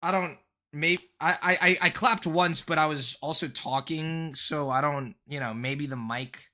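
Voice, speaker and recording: A man's voice: a little high, unhurried, pushed and bright. A young man hosting a casual live stream from his bedroom, rambling and swearing, with frequent laughs and restarts. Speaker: streamer reviewing viewer decks.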